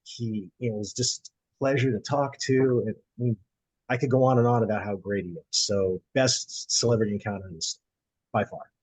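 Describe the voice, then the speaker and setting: Easygoing man with a husky voice, dry close sound, casual story. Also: fairly low pitch, moderate pace, darkish tone, dry recording, low-quality recording. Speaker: bookseller guest. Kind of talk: casual anecdote on a video call.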